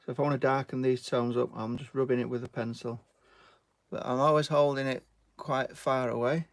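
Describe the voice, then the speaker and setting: A man's voice: medium pitch, little pitch movement, a little fast, dry recording. A British man chatting casually while giving a drawing tutorial and thanking viewers. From Britain. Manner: chatty, reads out viewer names and thanks them, "mate". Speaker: artist live-streaming.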